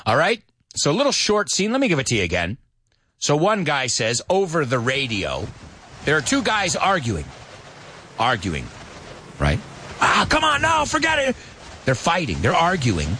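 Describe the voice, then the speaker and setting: A man hosting a live English lesson in a playful, animated way, drilling words aloud and mixing in Spanish. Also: mid-range voice, husky, dry recording. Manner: mixes Spanish into his English. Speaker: host of an English pronunciation show.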